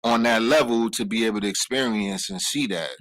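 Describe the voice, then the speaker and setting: Animated man telling a story, bright voice. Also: lowish voice, fairly quick, dry recording, rough recording. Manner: animated, acts out friends' lines in a raised voice. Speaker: guest. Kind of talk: casual storytelling on radio. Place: radio studio.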